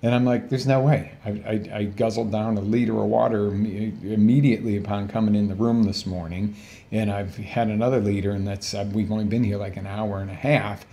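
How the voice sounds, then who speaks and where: A man with a lowish, warm voice speaks fairly quickly with flat delivery. Hosting a casual live health coaching stream, he's chatty, keeps firing questions at viewers, and corrects himself as he goes.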